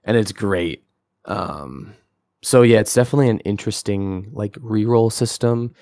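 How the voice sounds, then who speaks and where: A man's voice: lowish voice, moderate pace, gravelly, warm tone, no echo, studio quality. A young man co-hosting a podcast, talking through games in a casual, rambling way, full of fillers and enthusiasm. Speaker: podcast co-host. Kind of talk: casual game-review chat.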